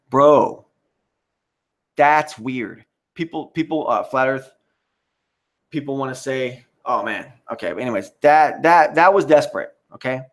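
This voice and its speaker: A man's voice: medium pitch, vocal fry. A man hosting a live stream, ranting in a rambling, profane and mocking way while answering the chat. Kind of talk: casual live-stream rant.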